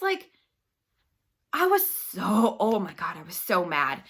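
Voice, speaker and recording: A woman's voice: medium pitch, wildly swooping pitch, slow, long pauses, a bit bright, slightly rough. A young woman giving a casual book-review rant on her vlog, chatty, swearing freely and saying "like" constantly.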